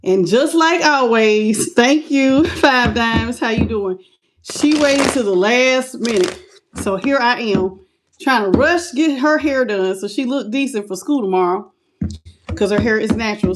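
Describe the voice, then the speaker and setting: Middle-aged woman, tarot live-stream host, breathless, casual and affectionate, a bit high-pitched. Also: unhurried, noisy background. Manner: chatty, affectionate, calls viewers "baby" and "y'all".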